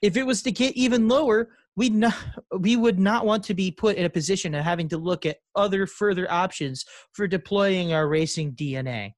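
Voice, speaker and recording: A man's voice: high voice, fairly quick, few pauses, no echo, clean studio sound. A man co-hosting a casual podcast chat, laughing often and reading quotes aloud with rambling asides. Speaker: podcast co-host.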